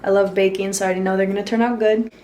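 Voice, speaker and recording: A tired young woman chatting casually in a vlog, emotional and quick to laugh. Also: mid-range voice, level tone, mellow, a little hiss or hum. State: tired from no sleep. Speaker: vlogger.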